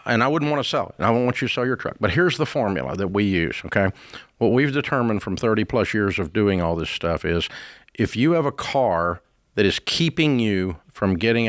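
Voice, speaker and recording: Male radio host, low register, dry studio sound; blunt, emphatic, folksy. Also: dry recording. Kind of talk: casual call-in advice talk.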